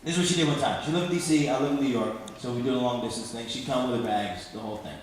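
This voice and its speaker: Speaking very fast in a mid-range voice, a thirtysomething comedian works through a rambling, self-deprecating stand-up routine on a club stage. There's slight background noise, the hall echoes, and the audience laughs along.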